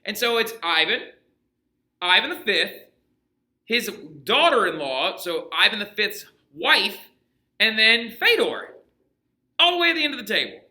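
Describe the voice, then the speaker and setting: A man lecturing on history to his class, animated and chatty, often checking in with his students. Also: sits high, measured pace, long pauses, echoey room. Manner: animated, chatty, many asides and rhetorical checks. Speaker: history teacher.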